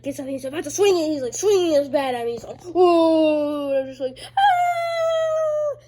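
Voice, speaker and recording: A woman casually walking through her own homemade comics, rambling and full of fillers, now and then bursting into loud high character voices. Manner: rambling, filler-heavy, loose storytelling. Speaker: creator reading own comics. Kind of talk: casual chat.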